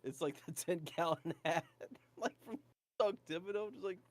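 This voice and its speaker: Jokey male player, slightly high voice. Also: moderate pace. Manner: jokey, laughing often. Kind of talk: casual tabletop game play.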